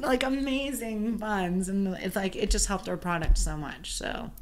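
A woman caterer chatting casually and telling an animated story, full of "like" fillers. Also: mid-range voice, measured pace. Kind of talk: casual chat.

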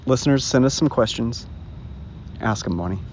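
A man with a medium-pitched voice co-hosts a podcast outdoors in a park, chatting casually at a normal speed. He rambles and laughs often, and the recording is dull and lo-fi with faint noise.

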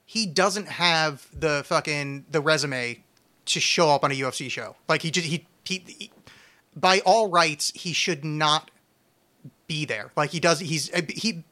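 Bright-voiced man rambling on a podcast. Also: on the high side, unhurried. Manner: rambling, profane, restarts a lot. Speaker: podcast host. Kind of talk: casual chat.

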